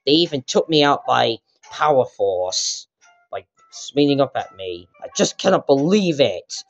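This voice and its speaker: A man voicing a furious hulking turtle king villain who yells and sulks petulantly in a fan puppet comedy. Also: mid-range voice, sing-song, measured pace, vocal fry, faint music behind, pitched above the performer's own voice. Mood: sulking. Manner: yelling, sulky and petulant. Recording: dull lo-fi recording.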